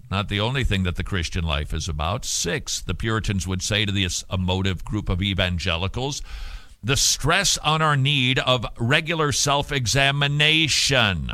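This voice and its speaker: A man's voice: mid-range voice, pushed and bright, dry recording. A man preaching in an emphatic, punchy way, with mocking asides. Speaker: radio preacher. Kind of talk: preaching monologue.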